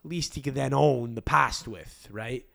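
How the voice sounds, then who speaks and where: A man's voice: medium pitch, normal speed, vocal fry, fairly bright tone. Profane, rambling male podcast host. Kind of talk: casual comedic rant.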